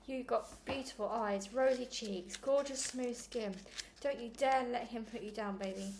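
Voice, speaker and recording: A woman reading aloud, voicing a soft, doting mother who talks gently and coaxingly. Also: fairly high pitch, measured pace, slight background noise. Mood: soothing.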